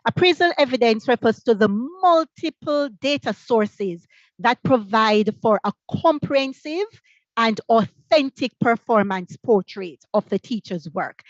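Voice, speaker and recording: Lively Jamaican woman leading teacher training. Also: fairly high pitch, unhurried, no echo, dull audio. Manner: energetic, asks many rhetorical questions. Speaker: workshop facilitator.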